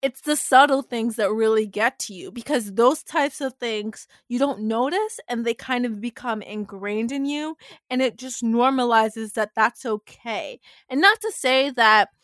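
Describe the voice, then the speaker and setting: A woman with a fairly high voice talks as a podcast co-host in casual chat. She is earnest and emphatic and leans on "like" a lot. The sound is dry and close. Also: measured pace, a bit bright, dry recording.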